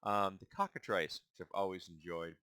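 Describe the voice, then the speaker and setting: A man with a low, forceful voice reads through a list and muses on each entry. He speaks in a casual, halting way and stumbles over names he does not know. The sound is dry and close, with no room echo. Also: fairly even intonation, clear, resonant tone. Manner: thinks aloud, halting over unfamiliar names. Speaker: channel host. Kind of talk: casual musing while reading a list aloud.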